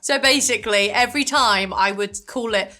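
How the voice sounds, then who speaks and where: A woman with a bright, forward voice chats over sweets she is tasting. Her talk is animated and full of quick laughter. She is co-hosting a relaxed tasting video. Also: medium pitch. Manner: chatty, animated, laughs often. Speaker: co-host of a snack-tasting channel. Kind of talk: casual chat, taste-testing sweets.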